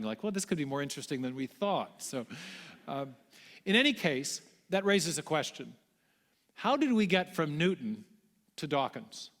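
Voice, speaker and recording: A man giving a public lecture to a large audience, telling history in a measured way with frequent restarts. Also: a little high, a bit bright. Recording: long hall reverb.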